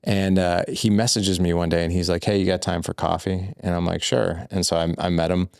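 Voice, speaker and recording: This fatherhood coach, a podcast guest, speaks in a low, creaky, flat voice at a fairly quick clip. The studio-quality recording has no room sound as he candidly recounts a personal story, peppered with "like" and "I was like."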